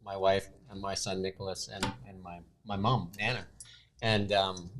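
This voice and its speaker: A man's voice: sits low, little pitch movement, normal speed, background noise. Chatty middle-aged man hosting. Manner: laughs easily, chatty. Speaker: host. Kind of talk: casual interview chat.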